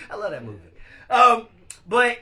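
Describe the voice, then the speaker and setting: A man hosting a casual live-stream podcast, animated and laughing as he talks to his viewers. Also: extremely high pitch. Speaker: podcast host.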